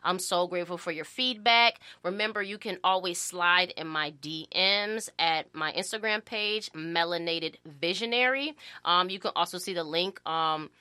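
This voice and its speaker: A woman educator hosts her podcast in a relaxed monologue, giving encouragement. Her voice is bright and sits low. It is recorded close and dry. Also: normal speed, few pauses, clean tone, no echo. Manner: warm-hearted, preachy encouragement with fillers.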